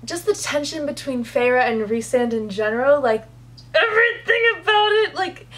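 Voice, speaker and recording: A woman reviewing a book in a casual vlog, gushing and excitable, with plenty of "like" fillers. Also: high voice, moderate pace. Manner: gushing, excitable, says "like" a lot.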